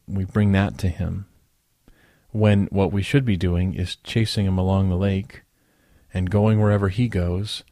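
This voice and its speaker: A man with a fairly low voice gives a relaxed, conversational sermon, thinking aloud and circling back on his phrases. The sound is dry and close, with almost no room around it. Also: dry recording. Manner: conversational and reflective, with small restarts and folksy asides. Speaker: pastor.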